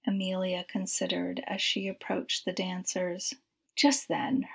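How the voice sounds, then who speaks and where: A woman narrating a story in a soft, breathy, half-whispered voice. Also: mid-range voice.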